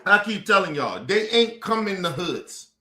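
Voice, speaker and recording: A man's voice: high voice, very animated, normal speed, bright, forceful tone, echoey room, slight background noise. A man from the United States delivering a heated, profane streamed commentary rant, lecturing his listeners. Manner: profane, fiery and emphatic, lecturing the audience.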